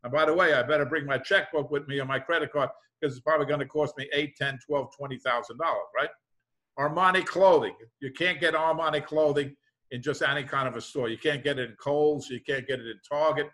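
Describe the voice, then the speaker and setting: Middle-aged male business professor on a video call; bright, slightly high voice, loose conversational lecture style. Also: fairly even intonation, brisk. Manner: conversational, repeats "thing like that", worked examples.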